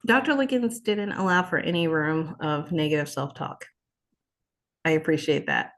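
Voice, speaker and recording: A woman in her thirties, an interview guest, telling an emotional personal story in a heartfelt, expressive way with frequent restarts. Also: low-pitched, moderate pace. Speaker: interview guest, exam passer.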